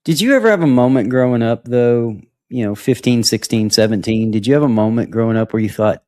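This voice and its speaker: A man's voice: medium pitch, a little fast, few pauses, dark tone. A man hosting a podcast, interviewing a guest with short prompts and probing questions. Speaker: podcast host.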